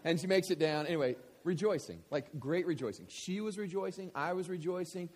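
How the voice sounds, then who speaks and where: A man in his thirties, a pastor telling a story in a sermon, going from hushed to shouting. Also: high-pitched, a little fast, long reverb tail. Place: church hall with audience.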